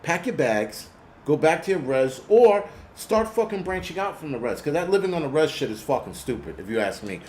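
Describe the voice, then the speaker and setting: Guy ranting and cussing on his own channel, kinda high voice, roomy echo, faint hum behind. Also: big pitch swings, fairly quick, a little mellow. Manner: profane, blunt, angry ranting. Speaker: host. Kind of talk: ranting monologue.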